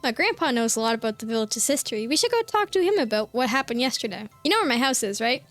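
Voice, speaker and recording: A woman's voice: on the high side, sing-song, fast, a bit bright, soft background music, voice pushed down. Woman reading as a bossy teenage girl. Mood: demanding. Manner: reading game dialogue aloud, bossy and dramatic. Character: bossy proud teenage girl festival champion.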